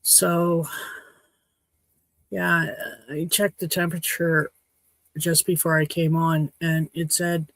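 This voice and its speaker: A woman from Saskatchewan hosting a casual livestream chat at home, rambling and frank, her throat a little hoarse. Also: low voice, no room sound. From Saskatchewan, Canada. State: slightly hoarse throat after choking. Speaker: livestream host. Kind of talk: casual chat to a live audience.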